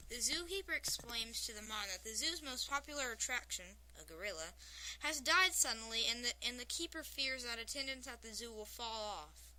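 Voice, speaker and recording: A woman hosting a talk show, reading funny stories aloud with animated storytelling. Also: a little high, slight background noise, low-quality recording. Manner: animated storytelling, shouting out quoted lines.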